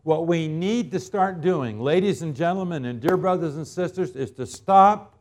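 A man in his fifties preaching a sermon as pastor, swinging between loud emphatic lines and quiet ones, stretching out key words. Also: fairly high pitch. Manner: drawn-out, deliberate phrasing on key words.

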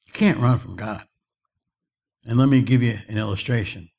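Male preacher, mid pitch, emphatic, rhythmic repetition. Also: moderate pace, creaky, a little mellow. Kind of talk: evangelistic sermon with storytelling.

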